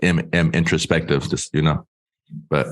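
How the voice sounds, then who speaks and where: Man, podcast co-host, deep low voice, rambling casual chat. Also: fairly even intonation, normal speed. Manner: rambling, many restarts and "like".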